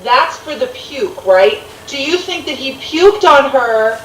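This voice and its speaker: A woman co-hosting a casual chat in a musing, questioning way that often drops soft and low. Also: animated, slow, far from the mic. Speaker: co-host. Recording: echoey room, off-mic, faint hiss.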